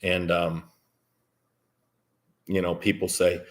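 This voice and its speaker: An American vlogger tells a rambling, profane story to his live chat, filling pauses with frequent ums. His voice is deep and monotone, and he takes his time.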